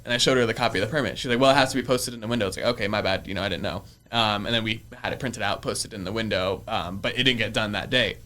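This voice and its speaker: Bright-voiced young man telling stories. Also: medium pitch. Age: early 20s. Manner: chatty, laughs often, many fillers. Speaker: real estate investor guest. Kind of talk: casual storytelling interview. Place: podcast studio.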